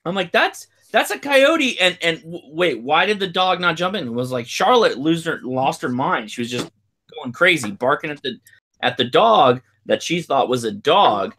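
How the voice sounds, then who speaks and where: A man hosting a casual podcast chat, telling stories in an animated, excitable way. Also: a little high, normal speed. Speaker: podcast host.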